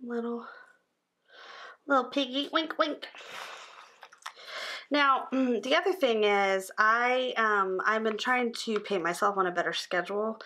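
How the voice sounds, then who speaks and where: A tired woman in her thirties chatting casually as she fills in a planner, rambling and dropping into soft asides under her breath. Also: on the high side, moderate pace, hardly any pauses. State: tired, yawning. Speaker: planner vlogger. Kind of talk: casual chat while planning.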